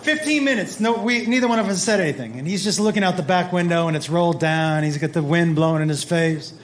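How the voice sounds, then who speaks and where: High-voiced man telling a stand-up story. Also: fast talker, slight background noise. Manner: animated, acts out quotes with big pitch jumps. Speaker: stand-up comedian.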